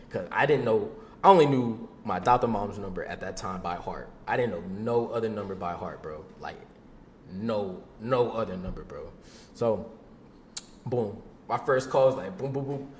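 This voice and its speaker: Laid-back young man telling a slangy story. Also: roomy sound. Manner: slangy and laid-back, peppers talk with "bro" and "boom"; laughs while telling it. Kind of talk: casual storytime vlog.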